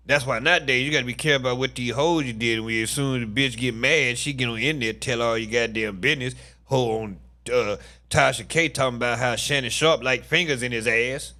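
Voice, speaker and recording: A man's voice: medium pitch, a little fast, pushed and bright. A tired man hosting a commentary vlog, reacting to trial testimony in a blunt, profane, incredulous way. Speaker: commentary channel host.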